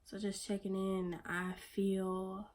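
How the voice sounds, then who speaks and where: A woman talking straight to her camera in a loose, swearing pep talk, pushing hard on key words and then sinking low and soft, almost whispering. Her pitch sits in the middle range for a woman. It sounds like casual, unscripted vlog chat. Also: monotone, slow. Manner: blunt, profane, pep-talk delivery that drops to soft near-whispers. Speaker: vlogger.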